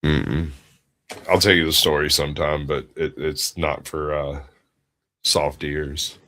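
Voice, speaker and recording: A man's voice: a bass voice, flat delivery, takes it slowly, bright, forceful tone. A middle-aged man, co-hosting a podcast and telling crude stories in casual chat, laughing often. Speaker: podcast co-host.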